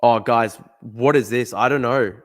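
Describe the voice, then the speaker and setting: A young Australian man streaming live, thinking out loud as he plays a guessing game, swearing often and talking to his chat. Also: medium pitch, unhurried. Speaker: livestreamer. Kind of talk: casual live-stream commentary.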